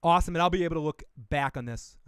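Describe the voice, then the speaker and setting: Rambling, swearing man with a smooth voice. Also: a little high, fast, no room sound, clean studio sound. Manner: rambling and profane, with laughs and self-talk. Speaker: podcast host reviewing a trailer. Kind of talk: casual livestream chat.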